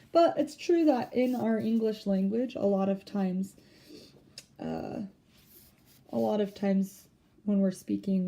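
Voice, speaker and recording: A woman teacher giving a phonics lesson, speaking slowly and stretching words out to show their sounds. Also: medium pitch, warm tone.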